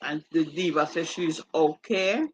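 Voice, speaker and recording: A woman's voice: low voice, unhurried, slight background noise, rough recording. Jamaican woman greeting livestream viewers. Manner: reads out viewer comments and greets each viewer by name. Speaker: livestream host. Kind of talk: live stream chat reading.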